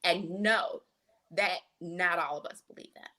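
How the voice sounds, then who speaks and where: A woman voicing a kind man in his forties at church, speaking slowly and gently. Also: sits high, heavily acted. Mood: comforting. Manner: slow, gentle, comforting.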